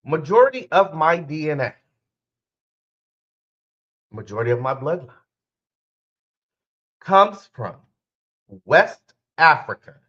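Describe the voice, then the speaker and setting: Slow-talking chatty male podcast host. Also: on the high side, sing-song, fairly bright tone, slightly rough, muffled recording. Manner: chatty, rambling, addresses listeners directly, corrects himself often. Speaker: podcast host and spiritual life coach. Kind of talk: casual solo podcast talk.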